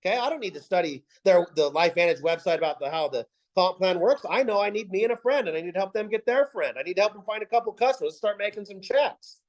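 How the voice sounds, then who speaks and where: A team leader with a high-pitched, animated voice gives a sales pep talk on a team video call, talking fast with few pauses over poor audio. He fires off punchy, emphatic rhetorical questions and repeats himself for effect.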